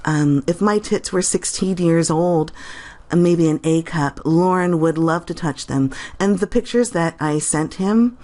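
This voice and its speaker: A woman's voice: on the low side, unhurried, dark tone. A woman making a casual reaction video, reading comments aloud with sarcasm and frequent giggles.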